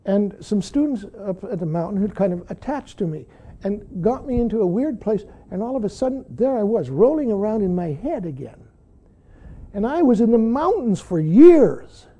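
Older man giving a high, mellow Zen talk. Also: sing-song, normal speed. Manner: earnest, frequently says "see". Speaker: Zen teacher. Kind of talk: dharma talk.

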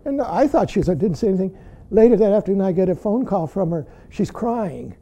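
A man gives a dharma talk as a Zen teacher, his voice dark and very mellow. He talks in a lively, swooping way, chuckling and pushing each point home with a steady "see". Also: high voice, a little fast. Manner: emphatic, keeps saying "see", chuckles often.

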